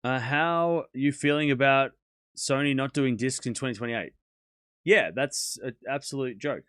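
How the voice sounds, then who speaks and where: An Australian man hosting a live stream, chatting easily and joking as he answers his viewers. His voice sits at a middle pitch, and the recording is dry and close, with no room sound. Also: measured pace, a bit bright, dry recording. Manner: laid-back, joking, chatty, replies to chat aloud. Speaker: livestream tennis watchalong host. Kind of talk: casual live-stream chat reading viewer comments.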